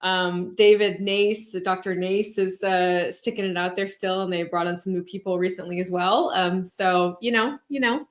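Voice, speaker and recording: A woman's voice: fairly low pitch, steady tone, normal speed, hardly any pauses. A woman co-hosting a casual chat, teasing and encouraging her co-host and guest.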